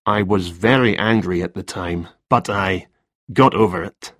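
A man's voice: deep voice, a little slow, a bit bright, no room sound, clean studio sound. A man voicing a hesitant, rambling male freelance writer in an audiobook. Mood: subdued.

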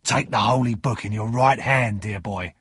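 A man voicing an old male escaped convict, slow, solemn and insistent, with a husky voice. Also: fairly low pitch, a bit bright, no room sound, studio quality.

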